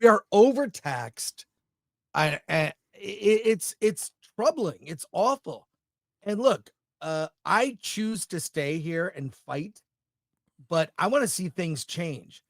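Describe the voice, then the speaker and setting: A man's voice: high-pitched, expressive, slow, creaky, no room sound, clean studio sound. Emphatic opinionated male co-host. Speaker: podcast co-host. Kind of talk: casual chat.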